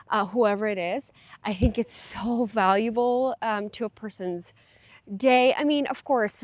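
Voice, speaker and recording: A woman's voice: medium pitch, no room sound. A young adult woman vlogging in a casual, chatty way, with many fillers and little laughs. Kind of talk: casual talk to camera.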